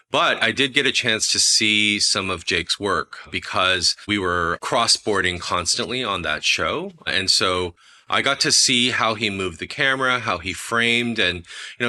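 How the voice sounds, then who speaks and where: Male editor guest, reflective and conversational, low and bright voice. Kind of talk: conversational interview.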